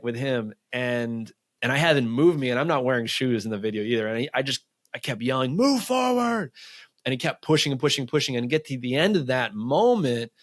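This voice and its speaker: A man speaking as a coach in a casual interview, talking quickly and loosely with many fillers, acting out what others say. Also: mid-range voice, no echo, clean studio sound. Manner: fast, loose talk full of fillers, acts out quotes. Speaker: men's coach and podcast guest.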